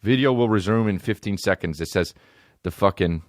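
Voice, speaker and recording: A man hosting a comedy podcast, ranting in a profane, animated way that swings from loud outbursts to low mutters. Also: a little fast, no echo, studio quality.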